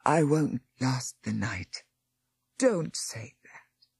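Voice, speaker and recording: A woman reading aloud and voicing a weak, dying old woman who pleads in a breathy whisper. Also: very deep voice, lively intonation, drawn-out words, darkish tone, no echo, clean studio sound, full character voice. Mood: pleading whisper. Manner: pleading, urgent.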